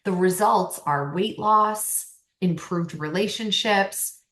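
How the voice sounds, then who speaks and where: A woman's voice: mid-range voice, slow pace. Emphatic woman guest in an echoey room. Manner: animated and emphatic, laughs often, acts out quoted voices. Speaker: podcast guest. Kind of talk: casual interview talk, coaching advice. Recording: roomy echo.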